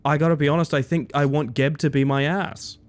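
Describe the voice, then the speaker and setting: A man live-streaming, chatting with his viewers in a playful, excitable way. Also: a little high, brisk. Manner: playful, excitable, talks to chat. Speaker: livestreamer. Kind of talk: casual live-stream chat.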